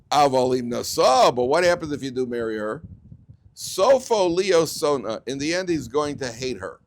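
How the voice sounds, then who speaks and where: A man with an American accent, a rabbi giving a joking, digressive Torah lecture with sudden jumps in pitch. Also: a little hiss or hum. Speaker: rabbi teaching a weekly Torah class.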